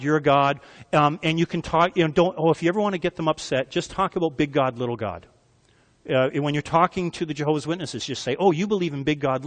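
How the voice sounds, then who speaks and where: A man preaching with an animated, teaching manner, tossing questions out to the room. His voice sits a little high for a man. A long hall reverb trails each phrase. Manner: animated teaching with quick asides and questions to the crowd. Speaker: pastor. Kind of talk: sermon.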